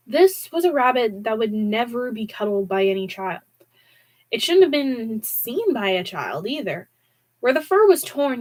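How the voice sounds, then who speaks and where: A woman reading a horror novel aloud on a stream, dramatic with wide pitch swings and occasional restarts. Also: low-quality recording. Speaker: audiobook reader.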